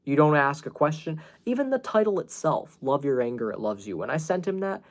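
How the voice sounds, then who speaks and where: A man's voice: a little high, big pitch swings, a little fast. A man ranting casually to camera as a vlogger, blunt and frank, swearing freely and talking with many fillers and restarts. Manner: earnest and self-advising.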